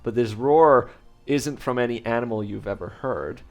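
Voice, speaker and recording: A man's voice: medium pitch, normal speed, faint music behind. A man narrating a tabletop game as game master, describing scenes with many hesitations.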